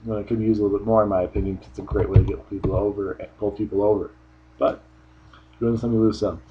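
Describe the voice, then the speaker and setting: A man's voice: lowish voice, level tone, fast talker, lo-fi sound, a little hiss or hum. A man giving a casual solo review of a wrestling show, rambling offhand with frequent restarts.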